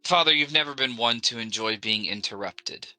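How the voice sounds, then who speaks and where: A man's voice: medium pitch, moderate pace, sharp tone, dry recording, faint music behind, low-quality recording. A man voicing a resentful young adult son and ship captain who speaks in clipped, bitter lines.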